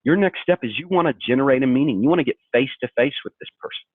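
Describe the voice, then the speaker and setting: A man's voice: medium pitch, rapid-fire, no echo. A man from Kentucky presenting a sales training webinar in an emphatic, direct coaching tone. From Kentucky, USA. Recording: tinny phone-like webinar audio, dry.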